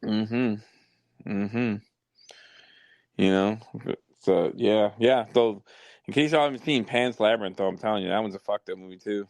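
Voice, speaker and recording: Low-voiced rambling man. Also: moderate pace, vocal fry, pauses often, darkish tone, dry recording. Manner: profane, rambling storyteller. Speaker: podcast host. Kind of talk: casual chat.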